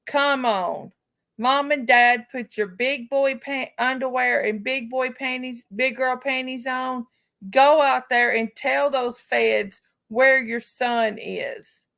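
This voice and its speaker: A woman hosting a casual live stream speaks to her chat viewers in a slightly high voice with a gravelly edge. Her talk is slow and unhurried, and she comes across as outspoken and heartfelt. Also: a bit bright. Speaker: livestream host.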